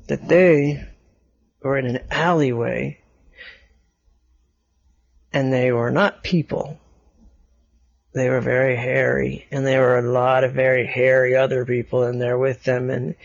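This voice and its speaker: A father making up a bedtime story for his children, in a casual, gently coaxing way, at home in a bedroom. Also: mid-range voice, gravelly, no room sound, muffled recording.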